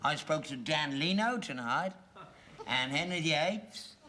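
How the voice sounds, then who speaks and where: A man's voice: fairly high pitch, expressive, measured pace, sharp tone. An actor playing a gullible older rag-and-bone man, earnest and insistent in a sitcom scene. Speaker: father. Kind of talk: 1970s sitcom acting.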